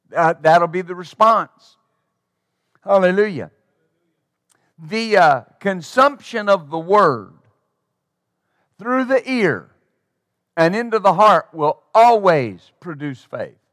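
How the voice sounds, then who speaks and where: A man's voice: sits high, fairly bright tone, no room sound, studio quality. A man preaching a sermon as pastor, emphatic and acting out the replies of the people he quotes.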